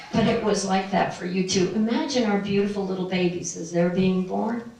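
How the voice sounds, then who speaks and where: A woman's voice: medium pitch, slight background noise. Middle-aged woman, spiritual speaker, rambling talk full of laughs, far off the mic in a very echoey room. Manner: meandering, laughing often. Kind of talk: personal storytelling talk to a live audience. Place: room with an audience.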